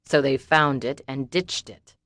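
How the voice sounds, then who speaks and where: A woman's voice: very deep voice, measured pace, a bit bright, no room sound, clean studio sound. A woman voicing a cold, threatening male crime boss in clipped lines, for an audiobook. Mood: angry.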